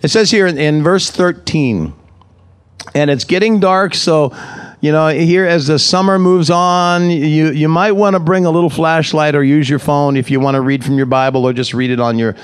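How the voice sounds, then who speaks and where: Conversational pastor preaching to a congregation. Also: male voice, on the high side, moderate pace, smooth. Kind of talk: sermon. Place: church service.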